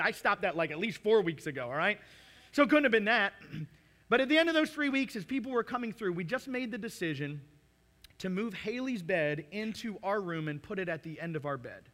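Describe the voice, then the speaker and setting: A man in his forties preaching with lively, playful energy. His voice sits high for a man and rings bright and forceful. He slips into acted-out asides and jokes as he goes. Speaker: pastor. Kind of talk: sermon.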